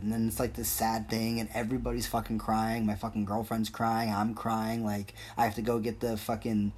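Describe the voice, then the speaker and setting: A man's voice: fairly low pitch, monotone, normal speed, few pauses, a little mellow, breathy edge. A young man hosting a solo podcast, rambling and joking in a crude, casual way. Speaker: podcast host.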